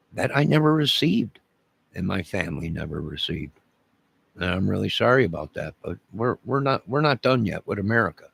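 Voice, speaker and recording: A man's voice: lowish voice, creaky, a bit bright, dry recording. A man from Chicago in a rambling direct-to-camera rant, menacing and repetitive, leaning hard on his words for emphasis.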